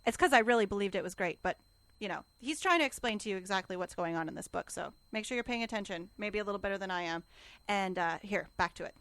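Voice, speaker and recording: A woman's voice: mid-range voice, expressive, fast, fairly bright tone, no room sound. A woman co-hosting a comedic podcast, playful and chatty, speaking straight to listeners. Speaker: podcast co-host. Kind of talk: casual comedic chat.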